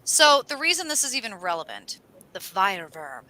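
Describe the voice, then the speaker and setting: A woman co-hosting an astrology livestream, telling rambling stories in a casual, animated way and swearing now and then. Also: mid-range voice, normal speed, poor audio. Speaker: astrology show co-host.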